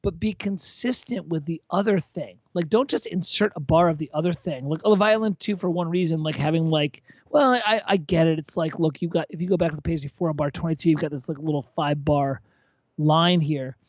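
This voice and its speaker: A tipsy man chatting casually on a livestream, giving blunt, profane, excitable feedback on a viewer's composition. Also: fairly high pitch, a little fast, dry recording. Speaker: co-host reviewing viewer compositions. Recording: dull lo-fi dry sound.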